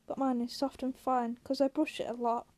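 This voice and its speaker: A woman's voice: high voice, little pitch movement, normal speed, a little mellow, no room sound, natural voice. A woman reading aloud, voicing a lonely young ranch wife who chats in a teasing, vain way. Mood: chatty.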